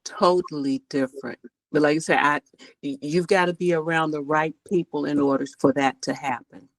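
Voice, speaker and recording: Woman guest, very low voice, dry close sound, down-to-earth with homespun sayings. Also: steady tone, moderate pace, dry recording, low-quality recording. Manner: plain-spoken, fond of folksy sayings. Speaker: podcast guest, holistic practitioner. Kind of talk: casual chat.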